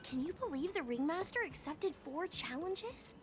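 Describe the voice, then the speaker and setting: An actress voicing an excitable young woman in a video game, chattering in a gossipy way. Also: sits high, normal speed. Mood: excited.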